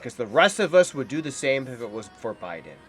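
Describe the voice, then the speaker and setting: Indignant male commentator, lively voice. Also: mid-range voice, fairly quick, soft background music. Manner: indignant, heated and scornful, ranting. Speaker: political commentator. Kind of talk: reaction commentary on a clip.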